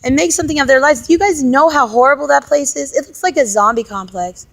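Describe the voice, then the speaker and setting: High-voiced exasperated woman vlogger. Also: fast talker, creaky. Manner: exasperated, animated storytelling. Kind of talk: casual vlog monologue.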